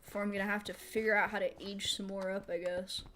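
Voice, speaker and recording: A woman streamer giving casual live gameplay commentary. She thinks out loud while she builds, answers chat aloud and laughs often. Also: mid-range voice, little pitch movement, normal speed, noisy background. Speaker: streamer playing a building game.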